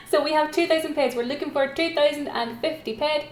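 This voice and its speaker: A woman hosting a live-streamed auction, chatting and self-mocking as she repeats calls for bids at her computer. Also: sits high. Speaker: auction host. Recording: roomy echo, faint keyboard typing.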